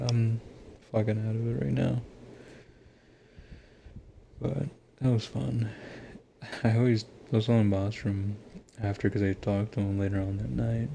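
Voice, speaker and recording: A young man with a gravelly, slightly low voice that sits dark and mellow rather than bright. He talks in a loose, rambling way, swears freely, laughs often and keeps restarting his sentences, like he's catching up with friends at home. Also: a little hiss or hum. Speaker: gamer talking to viewers. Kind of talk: casual rambling chat.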